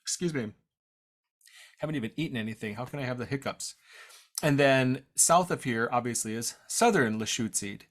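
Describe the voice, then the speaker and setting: A man teaching his tribe's language in an online presentation. He talks casually and jokes about himself, and he often stops and starts over. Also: mid-range voice. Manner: casual, self-deprecating, halting with restarts. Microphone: video call. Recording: unstable internet connection, audio drops out.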